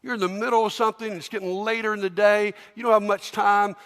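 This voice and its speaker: A high-voiced pastor preaches with animated storytelling and acts out each scene. His voice fills a large church, with a long reverb trailing each phrase. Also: fairly quick. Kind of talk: sermon.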